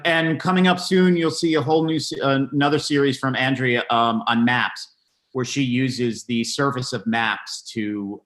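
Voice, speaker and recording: Halting, chatty male gallery curator. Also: mid-range voice. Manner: warm-hearted praise, many ums and restarts. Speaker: gallery curator hosting a virtual tour. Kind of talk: casual video-call discussion.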